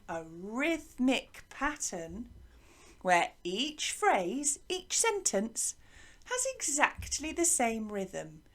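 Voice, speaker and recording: A woman teaching a music lesson to young children, asking lots of questions in a slow, lively way. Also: medium pitch. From England. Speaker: primary school music teacher.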